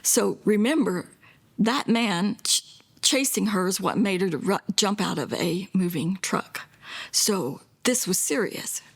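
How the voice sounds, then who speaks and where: An older woman telling her daughter's story in a documentary interview, plainspoken and earnest, slipping into hushed whispers when quoting others. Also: mid-range voice, expressive, unhurried, creaky, breathy edge. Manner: plainspoken, with self-corrections and small laughs.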